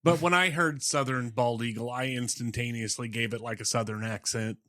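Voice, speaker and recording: A man's voice: medium pitch, fairly even intonation, fairly quick, a bit bright, no room sound, studio quality. A man with an Oklahoman accent co-hosting a podcast, telling laid-back stories in casual banter. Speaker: co-host.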